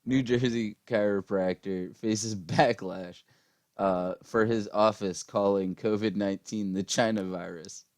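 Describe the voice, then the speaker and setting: A man's voice: fairly low pitch, fairly even intonation, unhurried, no echo, clean studio sound. Tired, profane man ranting. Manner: profane, rambling, frequent fillers and laughs. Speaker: political commentary vlogger. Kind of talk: casual ranting monologue.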